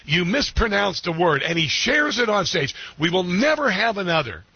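Bright-voiced man hosting talk radio. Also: sits high, normal speed, husky, no room sound. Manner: animated, mocking, laughs often. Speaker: radio talk show host. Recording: dull lo-fi broadcast sound.

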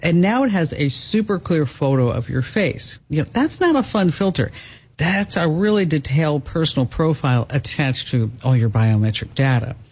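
A man hosting a call-in radio show, chatty and quick to laugh, giving advice to callers and reading ads. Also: fairly high pitch, lively intonation, slightly rough. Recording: dull broadcast audio.

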